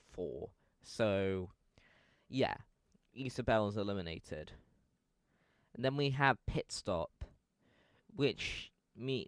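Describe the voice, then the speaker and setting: A man's voice: lowish voice, smooth, no echo, studio quality. A young man giving casual fan commentary, rambling and correcting himself with lots of fillers.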